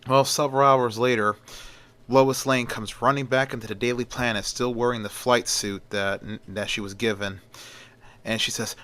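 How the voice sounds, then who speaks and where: A man's voice: medium pitch, fairly even intonation, moderate pace, fairly bright tone. A man narrating a homemade story in a casual, rambling way, full of fillers and restarts.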